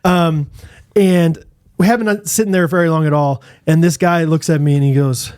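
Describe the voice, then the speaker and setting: A fairly high-voiced man co-hosting a laid-back podcast, telling stories with enthusiasm. He laughs often and keeps the talk moving with quick asides. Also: fairly even intonation, darkish tone, clear, resonant tone. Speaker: podcast co-host. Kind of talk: casual chat.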